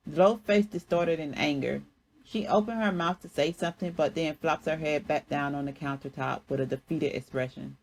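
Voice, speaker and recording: A woman artist reading a chapter of her own story aloud in a plain, even way, with small restarts. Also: deep voice, normal speed, rough recording.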